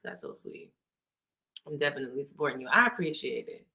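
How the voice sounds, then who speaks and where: A woman's voice: low-pitched, animated, brisk, bright, forceful tone. A young woman hosting a casual live stream, reading comments aloud, laughing often and swearing playfully.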